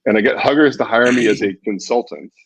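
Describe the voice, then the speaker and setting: A man's voice: mid-range voice, fast, slightly rough, poor audio. A middle-aged man, a podcast guest, telling stories and acting out the dialogue of people in them. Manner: animated storyteller, acts out quoted dialogue. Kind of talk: storytelling in a podcast interview.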